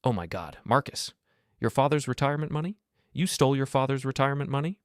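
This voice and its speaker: A man's voice: mid-range voice, expressive, fast talker, clear, resonant tone, no room sound, studio quality, pitched above the performer's own voice, lightly acted. A man voicing a shocked, furious young wife who speaks sharply and demands answers. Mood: demanding.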